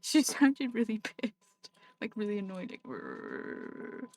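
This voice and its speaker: A woman's voice: fairly high pitch, normal speed, a little mellow. A woman streaming a game live, chatting casually and talking to her pets between laughs. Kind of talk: casual live-stream chat while gaming.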